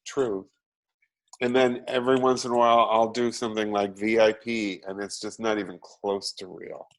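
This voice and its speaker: A man, an actor as a guest, chatting casually and telling animated, self-deprecating stories. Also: fairly low pitch, normal speed. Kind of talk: casual chat.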